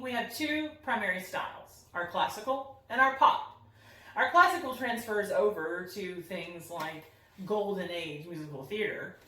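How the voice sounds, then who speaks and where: A woman's voice: mid-range voice, pushed and bright, slight background noise. A young woman voice teacher explaining singing technique in an upbeat, friendly teaching tone. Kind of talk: singing lesson demonstration. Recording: roomy echo, somewhat far from the mic.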